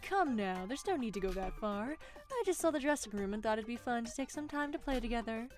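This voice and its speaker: A woman's voice: a little high, lively intonation, brisk, a little mellow, lightly acted. A woman voicing cheerful Setsuka. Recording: game music behind.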